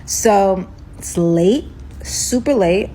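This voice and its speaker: Animated young woman telling a story. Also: mid-range voice, very slow, a little hiss or hum, rough recording. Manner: animated, dramatic retelling with acted-out dialogue. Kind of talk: casual storytime monologue.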